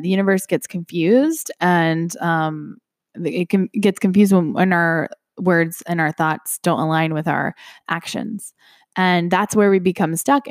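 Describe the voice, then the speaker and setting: Young woman yoga teacher hosting a self-help podcast; candid, sweary, rambling delivery, low-pitched, dry close recording. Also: no room sound. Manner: candid, swears freely, many restarts and fillers.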